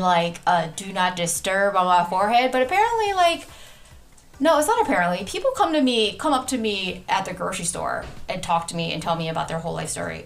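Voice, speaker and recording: A woman's voice: medium pitch, vocal fry. A woman in her thirties hosting a podcast, talking frankly in a rambling, casual way, with many restarts and the odd swear. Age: 30s. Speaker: podcast host. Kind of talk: candid casual monologue.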